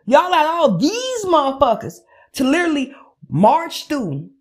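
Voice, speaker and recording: A woman's voice: high-pitched, big pitch swings, a little slow. A woman podcast host, ranting in a heated, profane, emphatic way. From United States. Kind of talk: angry political rant.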